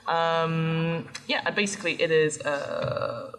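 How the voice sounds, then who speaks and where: A woman's voice: low voice, slow, a bit bright, slight background noise. A woman acting as game master, chatty and laughing as she explains rules step by step to players.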